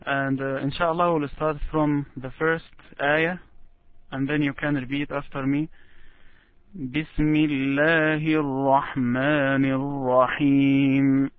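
Slow patient man teaching recitation. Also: a little high, little pitch movement, dry recording. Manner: patient, slow, repeats words for students. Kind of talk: online recitation lesson. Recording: tinny phone-like online call.

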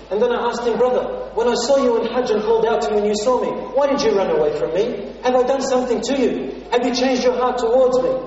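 A man's voice: high voice, darkish tone, highs cut off, slight background noise. A man preaching a sermon, retelling a story earnestly and with feeling, quoting the people in it, recorded from a distance in a large hall. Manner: earnest, emotive retelling with quoted dialogue.

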